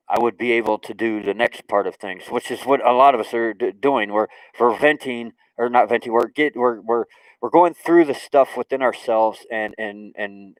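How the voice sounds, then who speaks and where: A man's voice: medium pitch, smooth, dry recording, rough recording. Man rambling on a spiritual livestream. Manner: rambling, repeats words, lively asides and laughs. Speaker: livestream host. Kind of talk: casual spiritual livestream chat.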